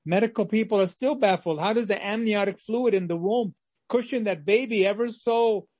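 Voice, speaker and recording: A husky male preacher with a voice pitched somewhat high, delivering a devotional sermon. He tells stories dramatically and slips into acted scenes. The recording is dry and close. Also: moderate pace, a little mellow, no room sound, lo-fi sound. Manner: dramatic storytelling, acts out scenes. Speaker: pastor.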